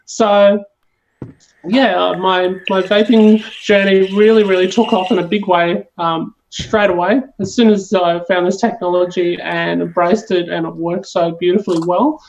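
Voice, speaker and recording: A woman's voice: on the low side, fairly even intonation, a little slow, darkish tone, a little hiss or hum, poor audio. A woman from Australia with an Australian accent, a podcast guest chatting casually and rambling a little, with lots of fillers and restarts. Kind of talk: casual chat.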